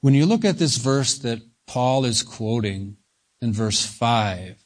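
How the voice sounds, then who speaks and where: A man preaching a sermon, slow and emphatic, leaning on single words for stress. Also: medium pitch, lively intonation. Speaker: pastor.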